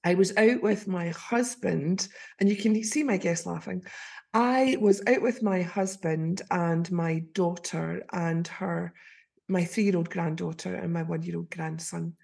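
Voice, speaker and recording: Scottish woman host, 50s, husky, animated chat storytelling. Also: lowish voice, measured pace. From Scotland. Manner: animated, acts out quoted voices. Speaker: podcast host.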